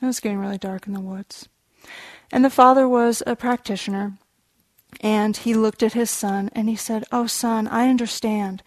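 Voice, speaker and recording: Gentle woman meditation teacher, close and dry. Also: mid-range voice, steady tone, dry recording. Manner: gentle, unhurried storyteller; explains contemplative terms. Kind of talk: dharma talk storytelling.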